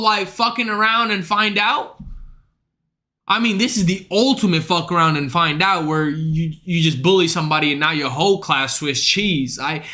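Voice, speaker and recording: High, bright-voiced ranting male streamer. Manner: profane, ranting, slangy. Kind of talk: livestream rant.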